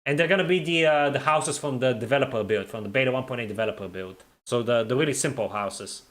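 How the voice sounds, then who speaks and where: A man's voice: mid-range voice, quick pace, a bit bright. Joking young man streaming live. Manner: jokey, laughs often, teasing viewers; stumbles and repeats words. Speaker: streamer reading chat. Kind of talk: casual live-stream chat.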